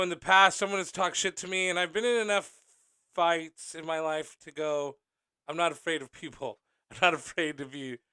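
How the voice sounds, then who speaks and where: A man's voice: fairly high pitch, sharp tone, smooth, no room sound. A man hosting a podcast, telling personal stories candidly and swearing freely as he acts out what people said. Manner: candid storytelling, swearing freely, acting out quotes. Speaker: podcast host. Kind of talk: casual podcast conversation.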